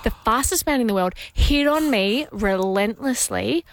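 A woman's voice: on the high side, lively intonation, normal speed, no room sound. A woman with an Australian accent co-hosting radio, bubbly and effusive in casual banter. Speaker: radio co-host.

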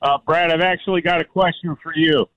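A man's voice: fairly high pitch, fairly even intonation, fairly quick, a bit bright, no room sound, lo-fi sound. Friendly chatty radio caller man.

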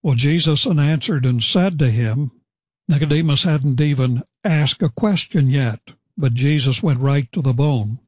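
A man teaching through a Bible passage in a measured, explanatory way, leaning on slow, deliberate phrases for emphasis. His voice sits at an ordinary male pitch with a touch of huskiness. The recording is dry, with no room echo. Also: darkish tone, husky.

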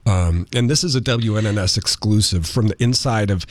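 A man hosting a morning radio show, jokey and animated, full of asides and playful tangents. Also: on the low side, a little fast, no echo. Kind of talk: casual radio banter.

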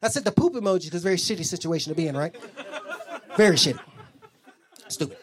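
A stand-up comedian spinning crude personal stories with a lively, swooping delivery. Laughter keeps slipping into the lines. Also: mid-range voice, fast. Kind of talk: stand-up routine.

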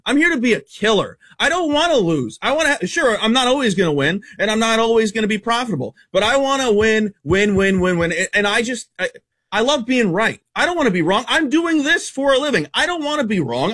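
Brief: high-voiced male betting analyst, rapid-fire stats, blunt opinions. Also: very animated, a bit bright. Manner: rapid-fire stat-heavy, emphatic and opinionated. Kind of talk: casual radio sports betting talk.

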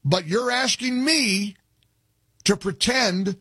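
A male host of opinionated call-in talk radio speaks combatively and sarcastically, firing questions and jabs at opponents. His voice is husky, somewhat high, slow, bright, and forceful, recorded dry and close.

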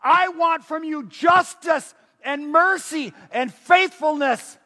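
A man voicing an angry Jesus who loudly rebukes hypocrites, slow and forceful, in a reverberant hall. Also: very high voice, pitched above the performer's own voice, full character voice. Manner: shouting, fierce, slow and forceful.

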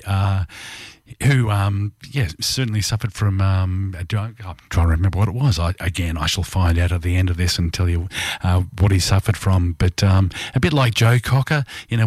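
A man's voice: sits low, no echo, clean studio sound. A middle-aged man presenting music in a rambling, casual chat full of fillers and asides.

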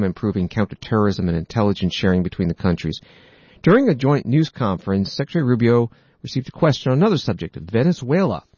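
A man hosting a news program, reading reports and quotes in a steady, matter-of-fact way. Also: on the low side, dry recording, muffled recording. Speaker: news podcast host.

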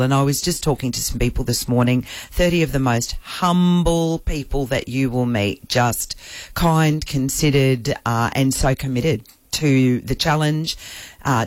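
A woman who organises a charity, interviewed on radio, earnest and warm-hearted, with many fillers. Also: rumbling low, no echo.

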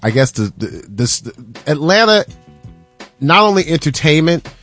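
Guy hosting radio, laid back and jokey, kinda stop-start, bit of music behind him. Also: a little high. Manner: relaxed, halting, joking. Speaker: radio host. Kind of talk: casual radio banter.

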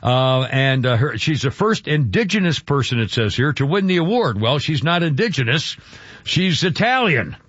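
A man's voice: a little high, very animated, normal speed, fairly bright tone, breathy edge, no room sound, muffled recording. Rambling older male radio host. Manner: rambling, self-interrupting, chuckling. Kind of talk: casual radio talk.

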